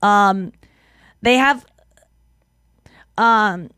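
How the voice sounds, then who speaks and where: A woman hosting a podcast, animated and joking as she reads listener letters aloud. Her voice is dry and close to the mic. She breaks off into quick comments as she reads. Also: mid-range voice, dry recording. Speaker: podcast host. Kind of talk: casual podcast chat, reading listener mail.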